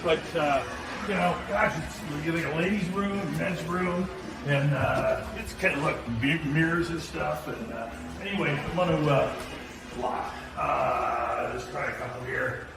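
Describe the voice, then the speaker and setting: A man's voice: on the high side, measured pace, vocal fry. A man rambling aloud in a clip played on the show. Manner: rambling, then shouting wildly. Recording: roomy distant clip with crowd noise.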